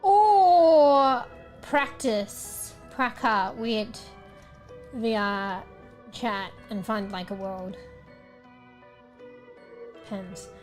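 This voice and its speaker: A young Australian woman streaming from home, chatting loosely with her viewers, rambling and swearing casually between laughs. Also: fairly high pitch. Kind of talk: casual livestream chat. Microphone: new desk microphone, close.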